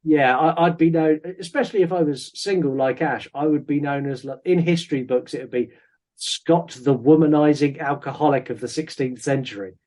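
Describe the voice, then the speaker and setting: A man's voice: fairly high pitch, a little fast, darkish tone. Chatty man hosting a podcast. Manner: chatty, with many ums and quoted lines. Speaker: podcast host. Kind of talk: casual film review chat.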